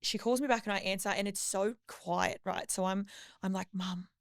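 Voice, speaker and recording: Animated woman telling a story. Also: medium pitch, moderate pace, gravelly, dry recording, studio quality. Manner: animated storyteller acting out voices of others. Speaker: podcast co-host. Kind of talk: casual storytelling chat.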